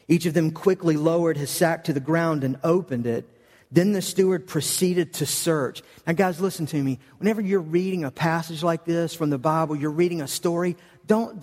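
A man with a high voice preaches a sermon in a large church hall. He tells the story with animated energy and trips over quick repeated words. Long reverb from the hall trails after his words. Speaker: pastor.

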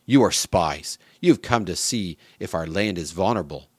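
Man doing a harsh commanding ruler, low stern voice, dry close sound. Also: lively intonation, normal speed, darkish tone, husky, no room sound. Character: stern powerful male ruler testing his brothers.

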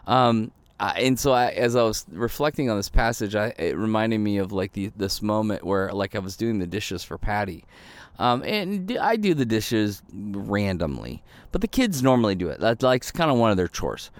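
A man's voice: on the low side, lively intonation, normal speed, dry recording. A man in his thirties preaching a casual, candid sermon, full of fillers and little acted-out quotes. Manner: conversational and candid, many fillers, acts out little quoted voices. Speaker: pastor.

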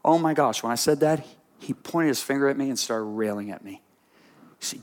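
This man preaches as a pastor at a brisk clip with a medium-pitched voice. His sermon stories are lively, moving from soft asides to emphatic declarations.

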